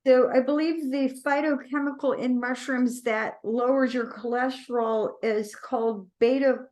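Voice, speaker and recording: A woman hosting an interview, asking measured, prompting questions. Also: on the high side. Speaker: interviewer, medical intuitive healer.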